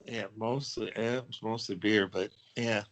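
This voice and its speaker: A man chatting casually with old friends on a podcast, remembering things in a relaxed, rambling way. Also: on the low side, normal speed, low-quality recording. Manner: easygoing, recalls things with fillers and restarts. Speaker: podcast guest.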